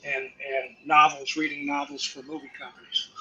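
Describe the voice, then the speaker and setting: An older man, a guest actor, telling profane, animated stories about his career to a live audience and acting out the quotes. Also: a little high, unhurried, low-quality recording. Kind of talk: anecdotal storytelling to a live audience.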